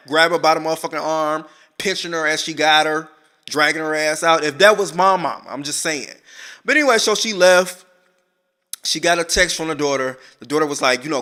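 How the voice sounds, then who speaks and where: A man's voice: on the high side, fairly quick, pushed and bright. A young man in casual vlog commentary, telling the story profanely with lots of asides. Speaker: vlogger reviewing a documentary.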